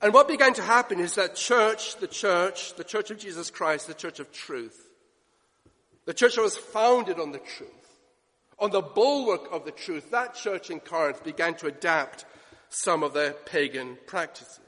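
A man preaching a sermon, emphatic, swinging between loud declarations and hushed asides. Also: high-pitched, lively intonation, measured pace. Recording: long reverb of a church hall.

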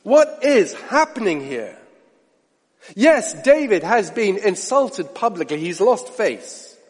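Male preacher, high animated voice, sermon with rhetorical questions and hushed asides, long hall reverb. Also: slow pace, breathy edge.

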